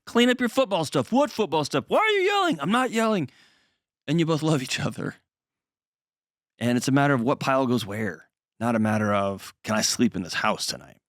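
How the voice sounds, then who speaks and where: A middle-aged man hosting an advice call-in show, talking calmly and earnestly. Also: fairly low pitch, no echo, clean studio sound. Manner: calm, earnest counseling. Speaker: host.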